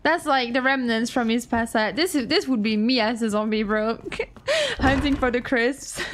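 A woman streamer giving first-time gameplay commentary, excitable, laughing and swearing often as she talks to her chat. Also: a little high, moderate pace, slight background noise. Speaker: gaming streamer.

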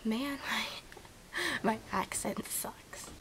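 A woman's voice: on the high side, takes it slowly. Giggly American girl, half-whispering. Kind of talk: comedy sketch vlog. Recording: noisy home camera recording.

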